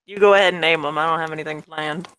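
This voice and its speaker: Blunt woman game master, bright tone, casual narration, swears freely. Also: deep voice, steady tone, very fast, clean tone, low-quality recording.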